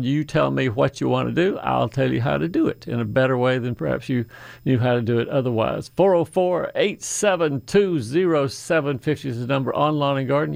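Gravelly-voiced man hosting garden radio. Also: mid-range voice, no room sound. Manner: folksy, chatty, rambling asides. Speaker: radio garden show host. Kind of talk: call-in radio talk.

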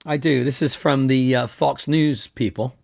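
A man co-hosting a podcast in casual chat, quick to agree and wry. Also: mid-range voice, steady tone, creaky, a little mellow, no room sound, clean studio sound. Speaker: podcast co-host.

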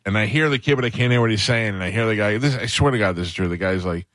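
A man hosting a talk radio show, telling a funny story and mimicking loud people in a raised voice. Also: very fast, hardly any pauses, no room sound. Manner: animated, acts out other people's shouting in a higher voice.

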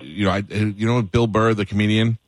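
A man's voice: lowish voice, steady tone, fairly quick, slight background noise. A man hosting a radio talk show, chatting loosely with crude jokes and hiccups. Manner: loose, joking, crude banter. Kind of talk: casual radio chat. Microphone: studio mic.

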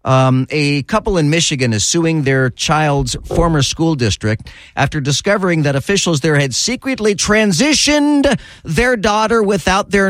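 A male talk radio host lays out his opinions in a slow, sarcastic monologue, hammering points home by repetition. His voice sits a touch high and the studio mic sounds dry and close. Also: a bit bright, no room sound. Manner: sarcastic, repetitive, drawn-out emphasis. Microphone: studio microphone.

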